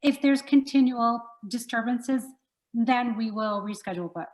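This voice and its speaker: Brief: woman host, relaxed chatty delivery, slightly high voice, laughs a lot. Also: normal speed, low-quality recording. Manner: easygoing, laughs often. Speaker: radio show host. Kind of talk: casual interview.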